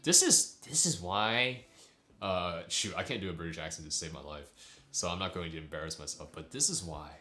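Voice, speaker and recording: A man's voice: low-pitched, moderate pace, sharp tone, echoey room. A young man chatting casually with his livestream viewers, rambling and laughing often. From United States. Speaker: streamer.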